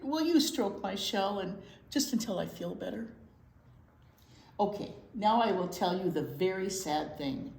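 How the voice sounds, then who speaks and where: A woman's voice: mid-range voice, animated, measured pace, vocal fry, a little mellow. Woman doing a vain French-flavored snail. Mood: mock sad. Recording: echoey room.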